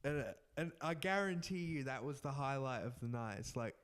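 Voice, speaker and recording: A young man telling an animated story in casual podcast chat, often laughing and restarting his sentences. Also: medium pitch, a little fast, smooth. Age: young adult. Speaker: podcast co-host.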